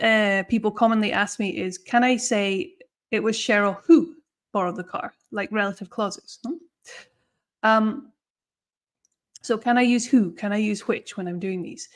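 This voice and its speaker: A woman's voice: mid-range voice, a little slow, pauses often. A woman teaching English grammar in a live online lesson, explaining patiently and often checking in with "okay?" and "no?".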